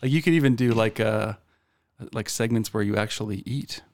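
A man's voice: fairly low pitch, moderate pace, a little mellow, no echo. A man chatting as a guest on a podcast in a studio, stammering and restarting often with a self-deprecating manner. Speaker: podcast guest, meme page creator. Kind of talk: casual chat. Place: studio, in headphones. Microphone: studio mic with headphones.

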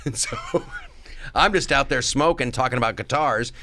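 A man's voice: medium pitch, a little slow, no room sound. A middle-aged man, a guest comedian, telling stories casually and acting out the voices of people he quotes. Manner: animated, acts out quoted voices. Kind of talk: casual storytelling.

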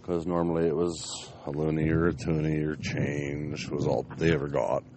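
A man's voice: very deep voice, flat delivery, normal speed, a little mellow, a little hiss or hum. A young man casually telling a profane, rambling anecdote outdoors in his backyard. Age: young adult. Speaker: storyteller.

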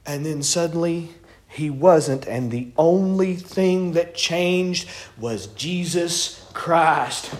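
A man's voice: on the high side, slow pace. A man preaching a sermon, folksy and storytelling with colloquial grammar, in a church sanctuary. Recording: echoey church room.

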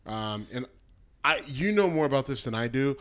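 A man's voice: medium pitch, expressive, normal speed, clean tone. A man co-hosting a casual talk podcast, blunt and profane, rambling through his points with lots of restarts. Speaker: podcast co-host. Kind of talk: casual banter.

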